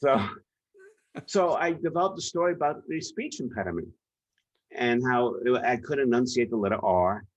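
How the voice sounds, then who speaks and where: A man's voice: medium pitch, animated, moderate pace, no echo. A man with a New York accent, a guest in an interview, telling stories emphatically and directly. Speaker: guest, leadership author and speaker. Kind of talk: conversational interview. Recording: dull lo-fi sound.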